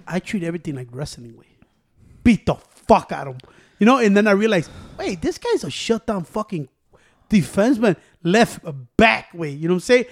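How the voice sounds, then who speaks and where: A man's voice: high voice, sing-song, brisk. A man in casual chat, swearing freely and mixing Spanish into his English. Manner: profane, mixes Spanish and English.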